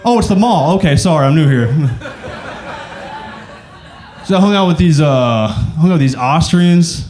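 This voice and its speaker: Sex: male. Origin: from Arkansas. Role: stand-up comedian. Pitch: high. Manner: casual, rambling, filler-heavy. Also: expressive, fairly quick, darkish tone. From Arkansas, USA.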